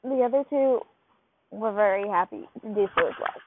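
A woman's voice: mid-range voice, moderate pace, noisy background. A woman casually reading a second-person fan fiction story aloud, with a loose, rambling delivery full of slips and restarts. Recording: tinny, phone-like dry recording.

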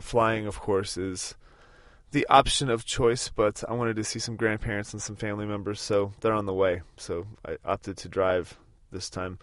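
A man's voice: medium pitch, fairly bright tone, no room sound, clean studio sound. Rambling man hosting a road-trip podcast. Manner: rambling, with many fillers and restarts. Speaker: podcast host. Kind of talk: casual spoken podcast recorded on a road trip.

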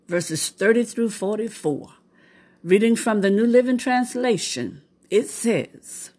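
Slow, prayerful woman preacher. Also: medium pitch, slightly rough. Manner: slow, prayerful delivery with fervent exclamations. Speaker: devotional host. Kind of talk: scripture reading and devotional sermon.

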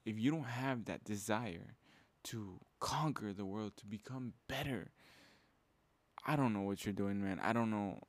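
Young male podcast host, low-pitched, casual and intense pep-talk delivery, dry close mic. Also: no echo. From Mexican heritage. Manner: casual, fired-up, uses "bro" and "man". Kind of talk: motivational podcast monologue.

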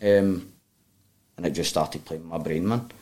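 Low-voiced sweary Glaswegian man. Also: measured pace, warm tone. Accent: Glasgow Scottish. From Glasgow, Scotland. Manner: blunt and sweary, tumbling storytelling with restarts. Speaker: guest. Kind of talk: candid storytelling in a podcast interview.

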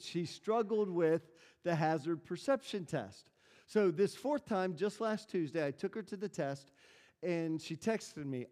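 Speaking with a fairly high, slightly mellow voice, a male pastor gives a chatty sermon in a church hall with plenty of reverb. Stories fill his talk, and he keeps quizzing the congregation.

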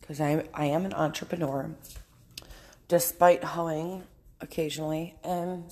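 A woman's voice: deep voice, fairly even intonation, a little slow, dark tone. A young woman, hosting a casual podcast while hungover, in a rambling, profane, blunt way from her house. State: hungover, low energy. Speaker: podcast host.

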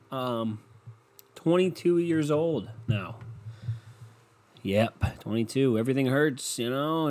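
A twenty-two-year-old man talks to his listeners in a loose, rambling way. He is sarcastic and profane and pokes fun at himself. His voice sits at an ordinary pitch for a man. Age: 20s. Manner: sarcastic, profane, self-mocking. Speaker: solo podcaster. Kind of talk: rambling casual monologue.

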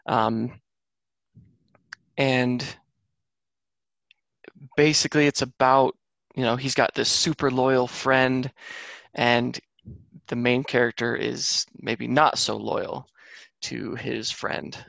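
Man, podcast co-host, gravelly voice, dry close sound, easygoing rambling chat. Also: mid-range voice, fairly even intonation, slow, pauses often, a bit bright, no echo. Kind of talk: casual chat.

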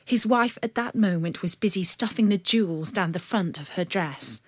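A woman reading a storybook aloud in a measured, expressive way. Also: lowish voice, no room sound. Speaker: narrator. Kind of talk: storybook narration.

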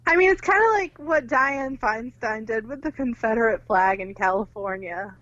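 A young woman co-hosting a casual podcast about a film, animated and swearing freely. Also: fairly high pitch, moderate pace, dry recording, lo-fi sound. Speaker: podcast co-host.

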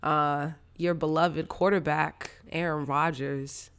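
A man's voice: on the high side, level tone, takes it slowly, a bit bright, clean tone. A congested man hosting a sports podcast in loose, casual chat with lots of fillers. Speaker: podcast host.

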